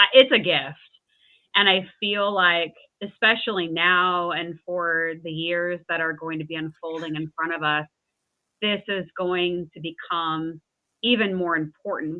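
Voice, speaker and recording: A woman host speaking earnestly and thoughtfully in a casual interview over a video call. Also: lowish voice. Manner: thoughtful, earnest, some restarts. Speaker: podcast host. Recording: tinny call audio.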